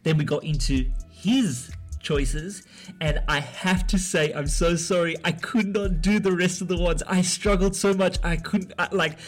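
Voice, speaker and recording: A man hosting a radio show from a studio, his voice sitting a little high. He rambles along loosely, stumbling over fillers and restarting his sentences, with soft music playing faintly underneath. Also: a little slow. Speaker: radio host.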